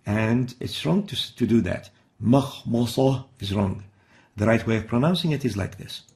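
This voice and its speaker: In a recorded Quran recitation lesson, a man explains patiently and demonstrates each sound slowly and carefully. His mid-range voice is animated, with a darkish tone.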